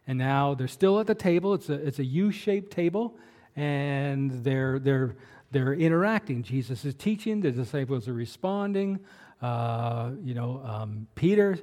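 Guy preaching a sermon, kinda high voice, warm and mellow, lots of uh and um. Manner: conversational, many fillers and restarts. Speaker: pastor.

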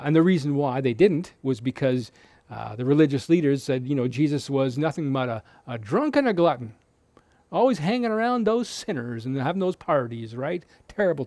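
A man's voice: medium pitch, darkish tone, no room sound. A man giving a conversational Bible teaching, explaining scripture with frequent restarts. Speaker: preacher.

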